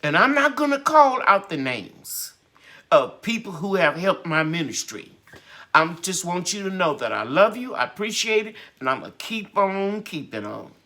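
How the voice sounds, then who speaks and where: A woman's voice: on the low side, sing-song, moderate pace, a bit bright. A woman hosting a gardening channel's live stream chat, talking in a heartfelt, grateful and encouraging way.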